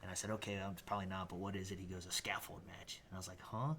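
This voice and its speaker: A man, a professional wrestler and podcast guest, telling animated backstage stories with frequent laughter. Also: low voice, very fast, slight background noise. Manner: animated storyteller, laughs often. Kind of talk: casual storytelling interview.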